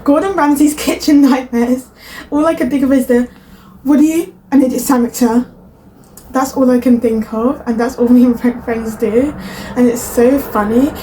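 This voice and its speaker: A woman's voice: sits high, steady tone, normal speed, warm tone, a little hiss or hum, low-quality recording. A young woman, chatting in rambling asides as she reacts to clips. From Britain. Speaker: reaction video host. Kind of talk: casual reaction commentary.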